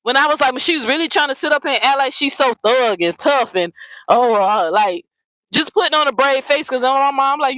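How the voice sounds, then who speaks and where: A woman's voice: high-pitched, lively intonation, a little fast, a bit bright, dry recording, low-quality recording. A woman hosting a commentary channel, ranting bluntly and profanely, often repeating herself. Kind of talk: heated casual commentary rant.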